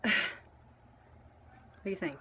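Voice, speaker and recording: A woman vlogging casually to camera, telling a rambling story full of fillers and restarts, mostly quiet and low, getting louder when she acts out what people said. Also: slow. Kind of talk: casual storytelling to camera while dyeing her hair.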